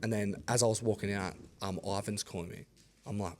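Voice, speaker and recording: Young australian man, low voice, casual storytelling, animated, laughs a lot. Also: normal speed, a little hiss or hum. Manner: animated, acts out quoted voices, laughs often. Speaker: podcast guest, rugby league player.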